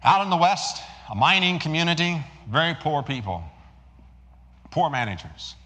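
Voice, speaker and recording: A man preaching a sermon, rising to emphatic points and then dropping low and quiet to tell a story. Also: big pitch swings, moderate pace, big-room sound. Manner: rises emphatically then drops to hushed storytelling.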